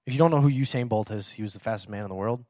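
A man's voice: on the low side, racing, darkish tone, no echo, studio quality. A man preaching a casual sermon in a chatty, self-mocking way, laughing often.

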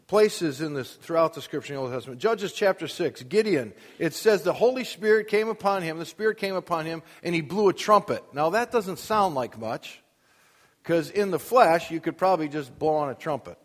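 A pastor with a slightly high, expressive voice delivers a sermon at a moderate pace. He presses his argument through rhetorical questions and mounting emphasis, and the church, which has a sound booth, carries a long hall reverb.

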